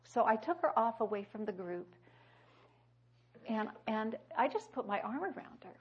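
A woman preaching a sermon that mixes scripture with personal stories, rising to loud declarations and dropping to hushed, quiet passages. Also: fairly high pitch, very animated, normal speed, long pauses, lo-fi sound, slight background noise. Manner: emphatic, swings between loud declarations and hushed quoted speech.

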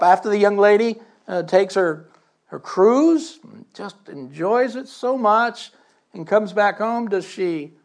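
Older man preacher, slightly high voice, emphatic sermon delivery with scripture reading. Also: vocal fry, darkish tone. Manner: emphatic, reads scripture aloud with asides and questions.

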